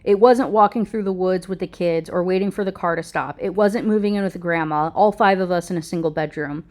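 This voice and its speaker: A woman reading aloud as a confident grown daughter who speaks in a crisp, pointed, coolly triumphant way. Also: fairly low pitch, fairly quick, darkish tone, natural voice.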